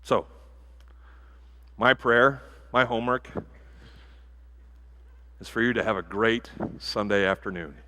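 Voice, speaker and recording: A pastor giving a sermon in a church, animated and jokey, with bursts of loud emphasis. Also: male voice, fairly low pitch, takes it slowly, pauses often, a little hiss or hum. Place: church sanctuary.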